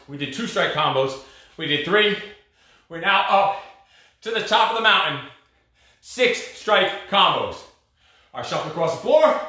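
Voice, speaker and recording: A man's voice: fairly high pitch, sharp tone. A man coaching a live cardio boxing class, out of breath and barking short, blunt commands and counts. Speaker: fitness instructor. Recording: echoey room, voice far from mic.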